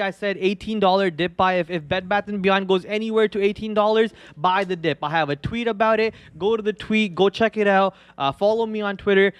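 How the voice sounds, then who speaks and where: A man hosting a live stock trading show, talking in an excitable, rambling way with many restarts. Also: high-pitched, clean tone, no echo.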